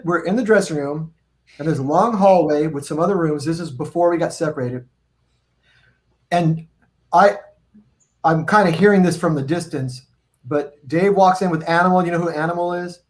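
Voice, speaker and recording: A man on a video call stream, telling tour stories in an animated, rambling, profane way. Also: a little high. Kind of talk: casual storytelling on a live video stream.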